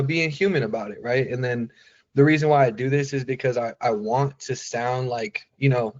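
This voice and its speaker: A man's voice: medium pitch, darkish tone. A man coaching a sales trainee over a call, casual and full of fillers, acting out sample lines. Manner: casual, filler-heavy, demonstrative. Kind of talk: live coaching on a video call. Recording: muffled lo-fi call audio.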